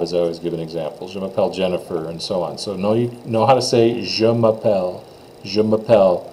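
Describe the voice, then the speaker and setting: A man teaching French pronunciation, saying phrases slowly for students to repeat and explaining the sounds in plain, encouraging words. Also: lowish voice, mellow, slight background noise, low-quality recording. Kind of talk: classroom pronunciation lesson.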